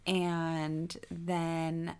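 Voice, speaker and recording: Young woman, podcast co-host; slightly low voice, chatty with quick interjections. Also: completely flat delivery, darkish tone, smooth. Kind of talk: casual chat.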